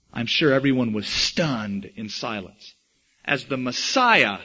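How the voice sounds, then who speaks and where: Animated male preacher, dull recording. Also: fairly high pitch. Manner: animated storytelling, acting out quoted voices. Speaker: pastor. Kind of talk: sermon.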